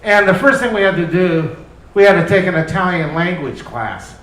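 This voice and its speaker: A man with a high, expressive, fairly bright voice performs a loose, profane, self-deprecating stand-up set on a club stage at a moderate pace. The club is echoey, and audience laughter comes through in the background.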